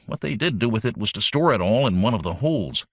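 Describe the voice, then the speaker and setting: A man voicing a brisk, eager young male robot son who talks quickly and matter-of-factly. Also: lowish voice, animated, dry recording, clean studio sound.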